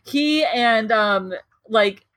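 A woman's voice: a little high, extremely slow, fairly bright tone, dry recording. A woman co-hosting a podcast, chatting casually and gushing with enthusiasm. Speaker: podcast co-host. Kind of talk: casual chat.

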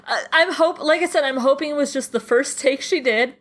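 A woman's voice: high voice, brisk, a bit bright. A woman co-hosting a podcast, chatting casually about a TV episode with a hesitant style full of restarts. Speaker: podcast co-host. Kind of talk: casual chat reviewing a TV episode.

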